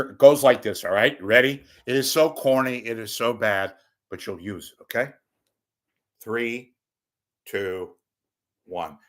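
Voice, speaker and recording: An older male media commentator with a slightly low voice delivers an off-the-cuff monologue from home. He rambles and wisecracks with crude, profane jokes, breaking into loud bursts and muttered asides.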